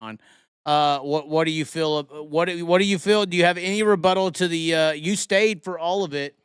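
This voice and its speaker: A man's voice: on the high side, normal speed, a bit bright, clean tone, no echo, studio quality. A man hosting a casual live talk show, rambling and joking with a profane streak. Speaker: host.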